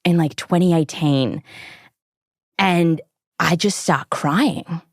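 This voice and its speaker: A woman's voice: fairly low pitch, slow pace, no echo, studio quality. An Australian woman hosting a podcast, telling a story in a chatty way with plenty of fillers. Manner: chatty, lots of likes and ums. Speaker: podcast host. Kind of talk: conversational storytelling.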